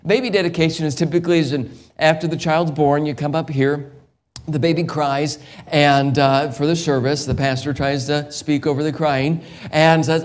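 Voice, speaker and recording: A middle-aged man preaching a sermon as an evangelist, swinging from quiet storytelling to loud, impassioned peaks. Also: a little high, steady tone, normal speed.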